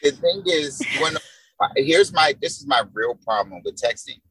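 A man guests on a podcast, joking and acting out little quotes in an animated way. His tone is forceful and a bit husky. The sound is dry and close. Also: mid-range voice, measured pace, dry recording, rough recording. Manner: animated, acts out quotes, jokey. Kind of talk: casual chat.

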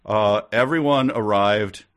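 Wry low-voiced male podcast host. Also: takes it slowly, fairly bright tone. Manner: wry, riffs with mock dialogue. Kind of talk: comedic book-reading podcast chat.

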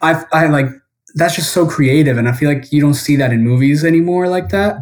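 A man's voice: a little high, a little fast. A man calling in as a guest to chat about a film, rambling with lots of fillers. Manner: rambling, heavy use of fillers. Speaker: guest caller. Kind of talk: casual film discussion. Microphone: phone or remote call.

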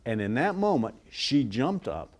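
A man in a TV interview, earnestly telling a story and acting out quoted voices softly. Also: mid-range voice, very animated, measured pace. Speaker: guest, ministry worker.

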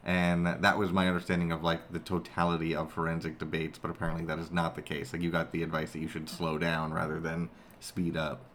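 Very deep-voiced man asking questions. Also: monotone, brisk, fairly bright tone, a little hiss or hum. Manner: curious, asks questions. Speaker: podcast co-host. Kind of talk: casual book discussion.

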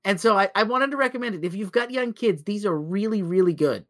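A man's voice: high voice, fairly quick, a bit bright. A man in his thirties co-hosting a podcast, telling a long story casually with lots of restarts. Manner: rambling storyteller with many restarts and acted-out quotes. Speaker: podcast co-host.

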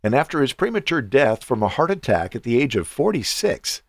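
A man's voice: medium pitch, big pitch swings, fairly quick, vocal fry, no echo, studio quality. Earnest, encouraging male podcast host. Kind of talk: devotional podcast talk.

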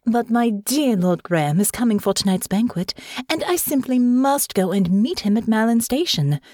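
Brief: a woman as a poised, persuasive noblewoman, dry and smooth, close dry sound. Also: on the high side, animated, moderate pace, mellow, dry recording, voice pushed up.

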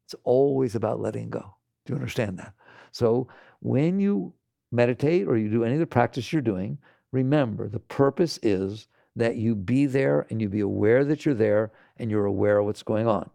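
A man's voice: mid-range voice, expressive, moderate pace, gravelly, mellow, no room sound. A man giving a spiritual talk on meditation to a live audience, speaking conversationally and often checking in with his listeners. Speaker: meditation teacher.

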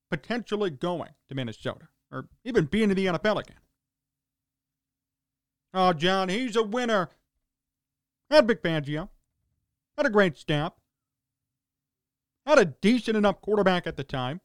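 A man's voice: sits high, no room sound. A man hosting a sports talk radio show, ranting in a sarcastic, exasperated way in short punchy fragments.

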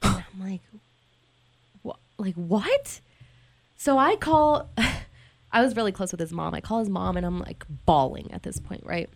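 In a radio studio, a woman guest candidly tells an emotional personal story, using "like" heavily and restarting often. Her creaky voice is medium in pitch and moves at a moderate pace.

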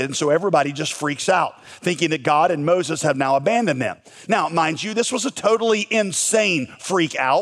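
A man preaching a sermon, animated, firing rhetorical questions and acting out the voices in the scripture story. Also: fairly high pitch. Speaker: pastor.

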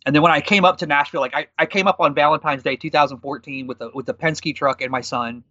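A man in his thirties telling a story from his working life in a quick, animated conversational way, quoting people as he goes. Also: a little high, dry recording, dull audio. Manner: fast, animated storytelling with quoted dialogue. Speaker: guest.

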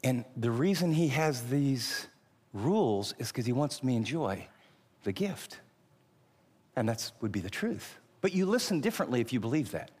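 A man preaching a sermon as pastor, emphatic and pausing on key words. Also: mid-range voice, very animated, a little mellow, husky, big-room sound.

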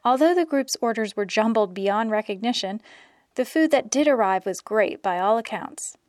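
A woman reading scripted travel narration in an even, informative way. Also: on the high side, normal speed, no room sound. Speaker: vlog narrator. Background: music.

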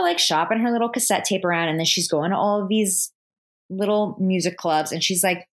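A woman's voice: medium pitch, a little fast. A woman in casual chat, animatedly retelling a film's plot and acting out the characters' lines. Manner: animated storyteller, acts out characters' lines in voices. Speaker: podcast co-host retelling a film.

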